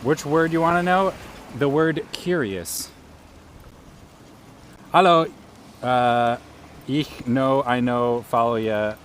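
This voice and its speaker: A man's voice: medium pitch, slow, slight background noise. A man live-streaming outdoors while cycling through city streets, chatting casually with his viewers.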